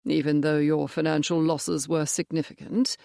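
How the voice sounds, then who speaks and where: A narrator voicing a stern male cavalry major who speaks in a measured, firm way in an audiobook. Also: on the high side, little pitch movement, vocal fry, dark tone, no echo, clean studio sound. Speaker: character in an audiobook. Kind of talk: audiobook character voice.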